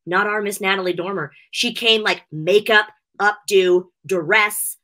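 A middle-aged woman talks as an interview guest in a bright, forceful voice. She is openly emotional and gushing, and laughter keeps breaking into her chat. Her pitch sits in the middle range for a woman. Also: steady tone, a little slow. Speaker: interview guest, wrestling show host.

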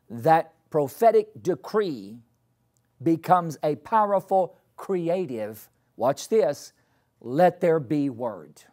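Slow, emphatic preaching man. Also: on the high side, animated, dark tone. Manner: deliberate, repeats key phrases for emphasis; leads the congregation in call-and-response. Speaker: pastor. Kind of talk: sermon.

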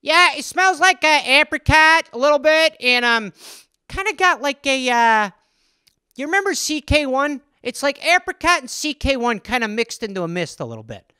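A man's voice: very high-pitched, big pitch swings, moderate pace, bright, forceful tone, no room sound, clean studio sound, voice pushed up, exaggerated voice. A man putting on a laid-back guy describing how a perfume smells, rambling and unsure. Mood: easygoing. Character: casual guy sniffing perfume samples.

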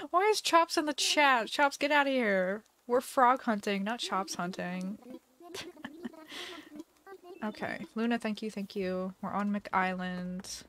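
A woman's voice: medium pitch, slow pace, pauses often, a bit bright. A young woman live-streaming a video game, chatting casually with a giggly, dramatic manner and mock panic.

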